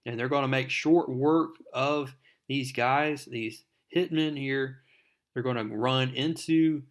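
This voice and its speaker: Enthusiastic man recapping a comic book. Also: mid-range voice. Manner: enthusiastic, addresses viewers as folks.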